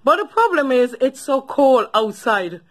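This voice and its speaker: A woman's voice: high voice, very animated, measured pace. A woman vlogging casually, chatting to viewers and using baby talk with her dog. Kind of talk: casual vlog chat.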